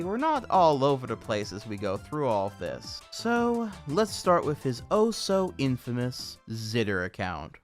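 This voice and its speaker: Wry man narrating a documentary. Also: medium pitch. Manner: sardonic and wry, with casual swearing. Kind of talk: scripted commentary narration.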